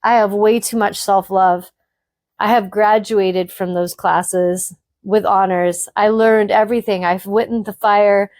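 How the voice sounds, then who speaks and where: A woman's voice: medium pitch, fairly even intonation, unhurried, a little mellow, no echo. A woman hosting a spiritual podcast, speaking frankly to her listeners in an emphatic, blunt monologue that swears freely.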